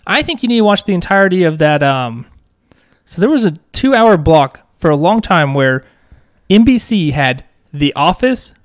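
A man's voice: on the high side, big pitch swings, normal speed, dry recording. Teasing man in his thirties, dry sound. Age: 30s. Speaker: podcast co-host. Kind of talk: casual chat.

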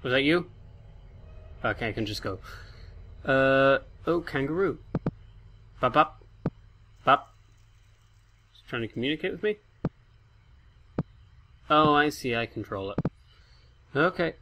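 A man's voice: mid-range voice, lively intonation, takes it slowly, pauses often, muffled recording, noisy background. A young man giving chatty, easily startled commentary while playing a game, talking to its figures. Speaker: gamer. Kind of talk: let's play commentary. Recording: faint piano music behind.

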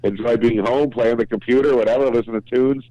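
An older man calling in, chatting in a jolly, self-mocking way with quick asides. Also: mid-range voice, steady tone, dark tone, dry recording, lo-fi sound. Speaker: caller, working comedian. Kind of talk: casual phone chat.

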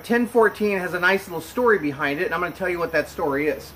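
A man hosting a casual whiskey review to camera at a home bar, relaxed and joking. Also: fairly high pitch, fast, a little hiss or hum, low-quality recording. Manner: relaxed, joking, chatty with fillers. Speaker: whiskey reviewer, channel host.

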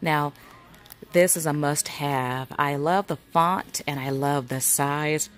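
A woman's voice: deep voice, takes it slowly. A middle-aged woman vlogging from a store aisle, chatting casually and reading product labels aloud to herself. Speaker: craft vlogger browsing a store. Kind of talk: casual shopping walkthrough. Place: indoor retail store aisle.

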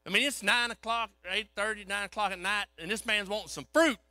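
A man preaches through a story in a folksy, animated way. His voice sits high and rings very bright and forceful. The sound is close and dry. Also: a little fast, no room sound. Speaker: pastor. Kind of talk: storytelling sermon.

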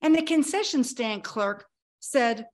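A woman in her sixties speaks with a voice that sits a little high. She tells her own story as a podcast guest, vivid and dramatic, and acts out the dialogue she remembers. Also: lively intonation, a little slow, darkish tone. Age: 60s. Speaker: guest, health coach. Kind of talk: personal storytelling in a podcast interview.

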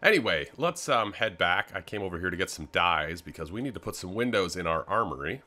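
A man's voice: deep voice, lively intonation, a little fast, pushed and bright. A young man, rambling easily through casual game commentary with lots of filler words. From Canada. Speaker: gaming video host.

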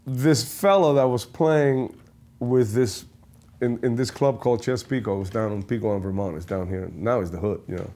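Cuban-born older man, native Spanish speaker, lively yarn-spinner who acts out voices. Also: fairly low pitch, moderate pace. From Cuba. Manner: animated storyteller, acts out voices, laughs often. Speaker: guest percussionist. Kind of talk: casual storytelling interview.

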